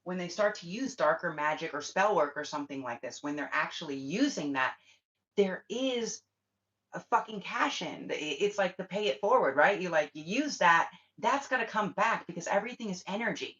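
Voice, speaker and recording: A woman's voice: on the low side, animated, normal speed, fairly bright tone. A woman hosting a spiritual livestream, talking bluntly and swearing often as she rants to her viewers. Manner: blunt, profane, ranting. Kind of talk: casual livestream chat. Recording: dull lo-fi livestream audio.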